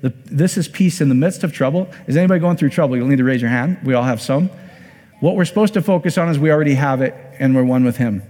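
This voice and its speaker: A man's voice: medium pitch, fast, dark tone. Conversational man preaching in a reverberant hall. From Iowa. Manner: conversational, repeats words, asks the audience questions. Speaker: pastor. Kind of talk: sermon.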